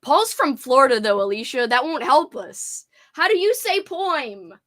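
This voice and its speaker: Giggly high-voiced New Orleans woman. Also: very animated, normal speed, fairly bright tone. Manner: giggly, playful, teases herself. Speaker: livestream host. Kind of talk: casual livestream chat.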